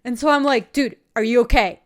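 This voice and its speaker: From her home streaming setup, a young woman chats casually while playing a card game. Her voice sits on the high side and moves a little fast as she tells an animated story with laughing asides.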